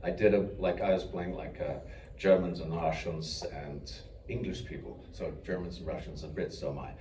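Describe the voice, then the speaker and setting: A man's voice: extremely low pitch, fairly even intonation, moderate pace, mellow. A man on a convention panel telling rambling, self-deprecating stories about his voice work, often chuckling as he talks. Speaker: voice actor panelist. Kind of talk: anecdotal panel talk. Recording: echoey hall recorded from far off with noise.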